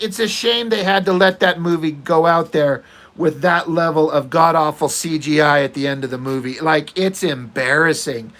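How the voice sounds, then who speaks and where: A high-pitched, fairly bright voice belongs to an artist rambling casually while he draws a comic page. He rants and opines, curses freely, and lets his sentences trail off into fillers.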